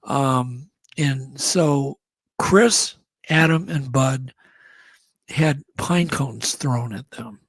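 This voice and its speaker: A man, a guest on a show, telling a story in a casual, animated way and acting out the sounds. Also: medium pitch, extremely slow, breathy edge, no room sound. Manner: animated, acts out sounds and quotes.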